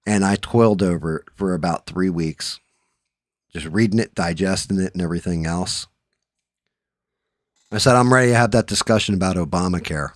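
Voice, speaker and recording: A man with a low voice tells a long story on his own chat show. He swears freely and his voice climbs when he gets worked up. The sound is dry and close. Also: normal speed, long pauses, no room sound. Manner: profane, storytelling, animated when riled up. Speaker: podcast host. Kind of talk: casual chat.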